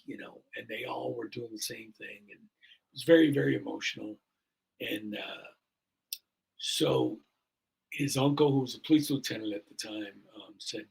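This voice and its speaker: A man's voice: medium pitch, moderate pace, vocal fry, a little mellow, slightly rough, poor audio. A man in his sixties, a fire chief and podcast guest, telling a story in an earnest, rambling way with many fillers. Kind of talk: casual storytelling in a podcast interview.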